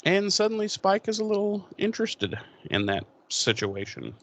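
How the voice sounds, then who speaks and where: A man's voice: high voice, sing-song, normal speed, fairly bright tone. A man co-hosting a podcast, recapping an episode in loose, profane, casual chat and paraphrasing the characters' lines as he goes. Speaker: podcast co-host.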